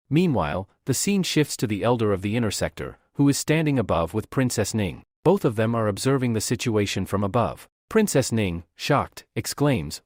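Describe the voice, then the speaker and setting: Man narrating with lively pitch. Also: normal speed, hardly any pauses, no room sound, studio quality. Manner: dramatic storytelling. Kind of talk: comic recap narration.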